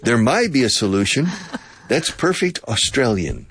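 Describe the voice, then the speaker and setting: A man's voice: mid-range voice, big pitch swings, moderate pace, fairly bright tone, husky, dry recording, clean studio sound. A man from Texas, teaching English in a chatty, digressive way and laughing often. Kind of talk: language lesson with drills.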